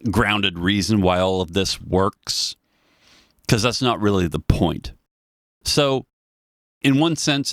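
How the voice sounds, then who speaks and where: Low-voiced chatty podcast host man. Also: dry recording, studio quality. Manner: chatty, animated, laughs often. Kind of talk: solo podcast monologue.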